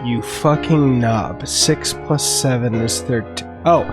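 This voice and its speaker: A man vlogging casually to camera while heading to movie screenings, jokey and excitable, swearing freely and laughing mid-sentence. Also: medium pitch, slow pace, music in the background. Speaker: movie vlogger and podcast host. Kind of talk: casual vlog talk to camera. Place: on the move between home, car and cinema.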